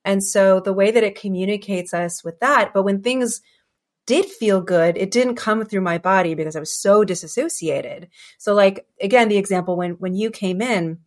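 A woman's voice: mid-range voice, moderate pace. A woman hosting a podcast, reflecting on her own experiences in a casual, personal way and acting out inner voices. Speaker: podcast host.

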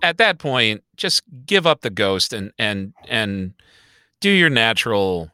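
A man's voice: on the low side, very animated, slow pace, bright, forceful tone, clear, resonant tone, dry recording, clean studio sound. A man co-hosting a podcast, chatting casually and animatedly about movies, with sighs and swearing. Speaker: podcast co-host. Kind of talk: casual movie review chat.

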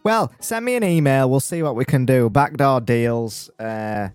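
A man's voice: medium pitch, measured pace, darkish tone, faint music behind. A male podcast co-host doing a playful, teasing mock advert, often stammering and restarting.

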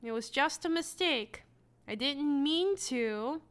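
A woman's voice: high voice, animated, slow pace. A woman voicing a tearful, apologetic wife who cheated, in an overdone melodramatic reading. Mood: pleading. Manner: pleading, melodramatic.

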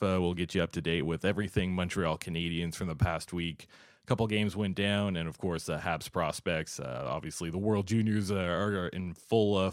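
A man hosting a sports podcast, chatting casually and warmly with many fillers. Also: sits low, no room sound, clean studio sound. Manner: friendly, chatty, with frequent uh fillers. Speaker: podcast host.

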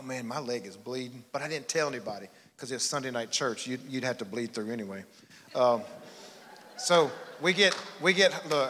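Telling stories in a folksy, self-mocking style, a man in his 40s preaches as a pastor, his voice medium in pitch with a fairly bright tone. The church's long hall reverb carries through the recording.

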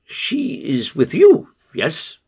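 A man putting on a flat, stilted caller, high and husky. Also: drawn-out words, heavily acted. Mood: evasive. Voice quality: flat, formal phrasing. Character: stilted, evasive man on the phone.

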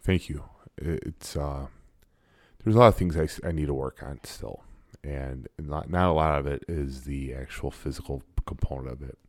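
A man's voice: extremely low pitch, normal speed, darkish tone, no room sound, studio quality. A man in his forties, a guest in a casual interview, talking in a blunt and emphatic way. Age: 40s. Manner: blunt and emphatic, self-described sarcastic.

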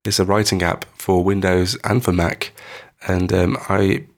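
A man co-hosting a podcast in casual chat, talking slowly and hesitantly while holding back a tickly cough, with dry quips. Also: low voice, little pitch movement. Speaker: podcast co-host.

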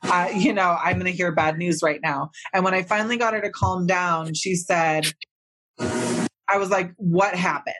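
A woman's voice: fairly low pitch, moderate pace, noisy background. A woman hosting a podcast, chatting candidly and animatedly, often laughing through her words. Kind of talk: casual podcast conversation.

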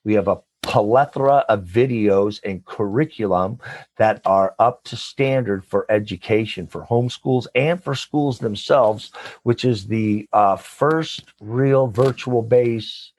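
A nonprofit leader and coach is interviewed as a guest, speaking with animated, preacher-like enthusiasm and call-and-response. His voice is fairly low and slow, with no echo.

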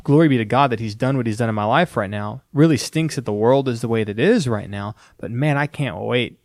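Brief: male pastor, earnest and conversational, dry close recording, mid-pitched. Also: brisk, no echo. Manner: earnest, conversational, animated quoting. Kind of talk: casual teaching discussion.

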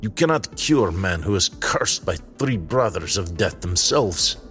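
A man voicing a sad, weary old male wanderer who speaks haltingly and drops small words. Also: low-pitched, lively intonation, a bit bright, faint music behind. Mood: sorrowful. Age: older.

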